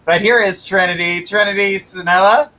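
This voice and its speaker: A man's voice: high voice, steady tone, moderate pace, pushed and bright, rough recording. A man hosting a psychic live stream who calls viewers up by name in an upbeat way. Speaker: psychic host.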